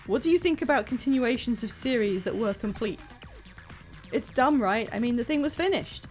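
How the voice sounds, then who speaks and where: A woman's voice: a little high, expressive, normal speed, a little mellow, faint music behind, lightly acted. Woman reading as a scornful comic-fan man. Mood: indignant. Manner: indignant, scornful. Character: grumpy purist male comic fan.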